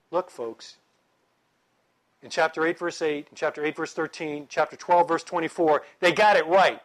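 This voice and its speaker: Lively man teaching a Bible class. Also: a little high, normal speed. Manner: lively, conversational, joking with the audience.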